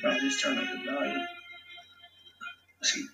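A man's voice: moderate pace, sharp tone, far from the mic. A man casually talking through how he makes his own rap song, loose, slangy and profane. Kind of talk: casual vlog talk-through. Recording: echoey room, off mic, music behind. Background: his beat playing.

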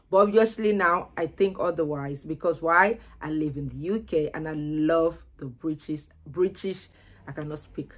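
A young woman, vlogging casually to camera and chatting in a loose, repetitive way. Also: mid-range voice. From Nigeria. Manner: chatty, repeats words as she goes.

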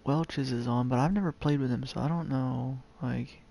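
A man's voice: medium pitch, normal speed, gravelly, warm tone. A man streaming a game and chatting casually with a friend, laid-back, swearing freely and laughing often. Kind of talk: casual gaming chat.

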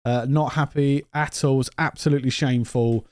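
A man commentating his own football management game, thinking aloud, talking to himself and rising in pitch when exasperated. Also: fairly even intonation, fairly quick, a little mellow, dry recording. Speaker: gaming video host.

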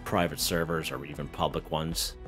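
A man casually commenting on his own gameplay in a relaxed, rambling way, chuckling often. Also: very deep voice, normal speed, music in the background. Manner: relaxed, chuckling, lots of fillers and restarts. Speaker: gaming channel host.

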